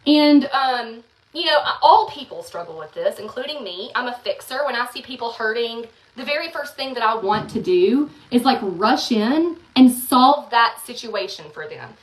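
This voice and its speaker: A woman talks candidly in a casual confessional vlog, in a voice pitched a touch high. She sits back from the mic, and the room rings around her words. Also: animated, moderate pace. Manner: candid, frank, earnest. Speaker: online content creator. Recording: roomy, some distance from the mic.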